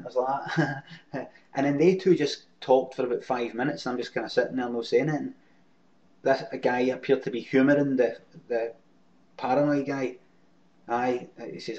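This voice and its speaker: A man's voice: medium pitch, steady tone, moderate pace, long pauses, a little mellow. A man with a Glaswegian Scottish accent telling a rambling, sweary story to his webcam audience and answering viewer comments. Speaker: webcam show host. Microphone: webcam mic. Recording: lo-fi webcam recording.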